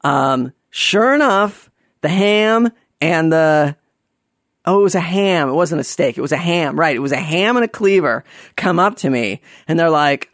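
A man telling a funny personal story in an animated, sarcastic way, dropping to mumbled asides and jumping up for mocking voices. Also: a little high, a little slow, no echo, studio quality. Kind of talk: comedic personal anecdote.

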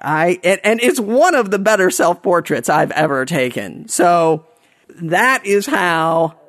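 A man telling a personal story to an audience in a self-mocking, halting way, with many restarts. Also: high voice, big pitch swings, a bit bright, no room sound, clean studio sound.

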